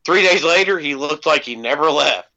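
This podcast co-host, an adult father, spins a lengthy personal tale with a relaxed air, lots of ums, and plenty of casual cursing. He speaks at a moderate pace in a fairly high, sharp voice with lively intonation, captured in dull, lo-fi podcast sound.

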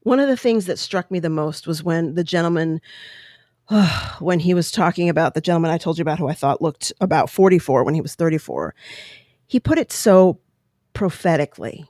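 A woman's voice: on the low side, lively intonation, a little fast, darkish tone, no echo, studio quality. A woman giving an impassioned, indignant opinion monologue, full of rhetorical questions.

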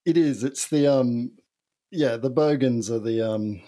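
A man's voice: medium pitch, measured pace. Laid-back Australian man, joking. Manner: relaxed, laughs often, jokey. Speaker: podcast guest. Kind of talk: casual chat.

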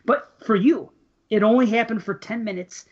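A man's voice: sits high, normal speed. A man co-hosting a casual podcast, talking bluntly and swearing freely. He runs himself down. The audio is a little muffled and dull. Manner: blunt and swearing, self-deprecating. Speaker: podcast co-host. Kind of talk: casual chat.

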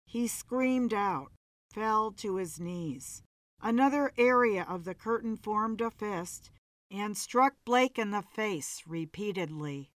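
A woman narrating a story in a measured, dramatic reading. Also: mid-range voice, expressive, fairly bright tone, no echo.

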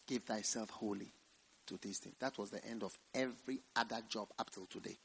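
A man preaching a revival sermon in church, swinging from loud, drawn-out scripture quotes to quiet, hushed asides. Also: lowish voice, vocal fry, slight background noise. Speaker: pastor.

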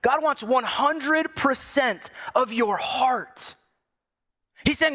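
Man, pastor giving a sermon; high, bright voice, conversational and building to emphatic repeated lines. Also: slow pace. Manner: conversational preaching with asides to the congregation.

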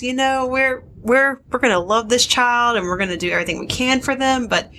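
A woman's voice: a little high, a little fast, bright, forceful tone, slight background noise. A young adult woman co-hosting a casual podcast chat about motherhood, frank and chatty with frequent laughs. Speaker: podcast co-host.

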